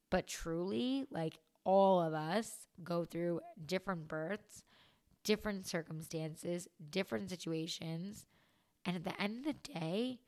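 A young woman, a new mother, talking candidly and from the heart in a personal vlog, slow and halting in places. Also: lowish voice. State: tearful.

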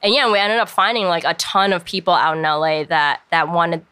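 A young woman in easy podcast conversation, her voice bright and clean. She speaks a little low, leaning on "um" and "like" as she goes. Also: fairly even intonation, fairly quick, smooth. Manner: chatty, filler-heavy, frequent "um" and "like". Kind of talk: casual podcast chat.

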